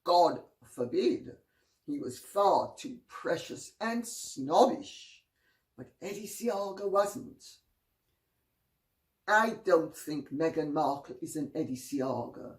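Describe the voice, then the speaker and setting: A woman with a low, animated voice hosts her own channel, telling anecdotes in a wry, gossipy way with drawn-out phrasing. It's casual storytelling commentary, captured by a distant mic in a roomy space.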